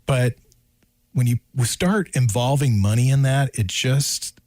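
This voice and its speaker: A man's voice: medium pitch, slow, darkish tone, no room sound, studio quality. Rambling male sports radio co-host. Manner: rambling, thinking aloud with restarts. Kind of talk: casual sports radio chat. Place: radio studio.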